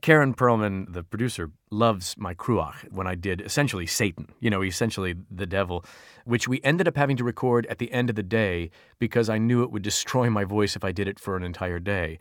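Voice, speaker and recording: Low-voiced man, dry studio sound. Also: fairly quick, no echo. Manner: animated, playful storytelling. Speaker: audiobook narrator. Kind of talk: answering fan questions. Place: recording studio.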